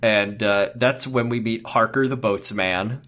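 A man's voice: fairly low pitch, fairly even intonation, a little slow, a bit bright. Jokey man laughing through a recap. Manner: jokey, laughs often, swears. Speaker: podcast co-host. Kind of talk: casual recap chat.

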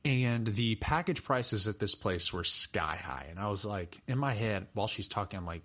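Young man, podcast co-host, lower-pitched, loose animated storytelling. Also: normal speed, hardly any pauses. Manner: chatty, animated storyteller with laughs and fillers. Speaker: personal trainer and podcast co-host. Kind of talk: casual podcast chat and storytelling.

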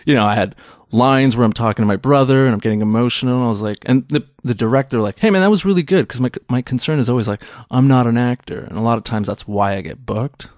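A man's voice: mid-range voice, quick pace, no echo, clean studio sound. A man in his thirties, a stand-up comedian guest, chatting casually and animatedly, acting out quoted voices as he tells stories. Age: 30s. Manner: animated storyteller who acts out quoted voices. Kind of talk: casual podcast interview.

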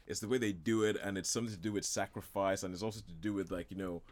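A man's voice: sits low, steady tone, quick pace, dry recording. A man talking casually and enthusiastically about a film as a radio show regular, rambling with many restarts and laughs. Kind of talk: casual chat.

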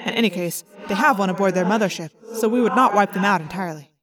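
A woman voicing a stubborn, formal alien warrior in an audiobook, with measured phrasing. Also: mid-range voice, a crowd in the background, natural voice. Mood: explaining. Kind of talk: audiobook character voice.

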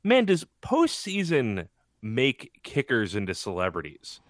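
A man's voice: medium pitch, wildly swooping pitch, measured pace, no echo, studio quality. A man co-hosting a sports podcast in casual chat, rambling and laughing often. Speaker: podcast co-host.

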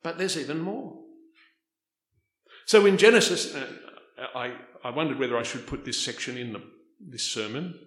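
A man's voice: medium pitch, expressive, moderate pace, pauses often. Emphatic male preacher in an echoey room. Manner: emphatic, rising and dropping between loud stresses and soft asides. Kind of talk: sermon.

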